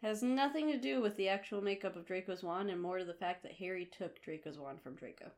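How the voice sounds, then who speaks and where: A woman's voice: medium pitch, brisk. A woman in casual chat, teasing and knowing as she corrects her co-host.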